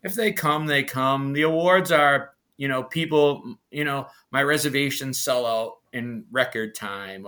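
A man from Massachusetts with a Massachusetts accent, a chef being interviewed, telling stories with animated enthusiasm. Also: mid-range voice. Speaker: executive chef, guest. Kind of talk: casual interview chat.

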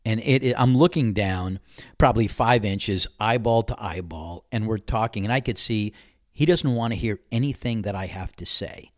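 Speaking at a moderate pace in a voice on the low side, a man hosting a podcast shares a personal story in a casual monologue. He's frank and chatty, brings the anecdote to life by performing the dialogue, and lets a bit of mild swearing slip. The studio-quality recording has no room sound.

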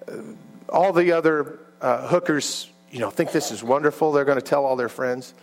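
A male preacher telling a story in a sermon, with halting starts and repeated words, often dropping low and quiet.

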